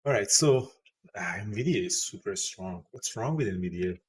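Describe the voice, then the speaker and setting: A man hosting a live trading show, giving excitable market commentary and thinking aloud. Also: fairly low pitch, measured pace, slightly rough.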